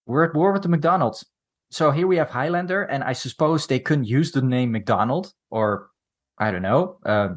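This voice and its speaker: Male podcast co-host, middle pitch, casual and wry, rambling asides. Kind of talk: casual film discussion.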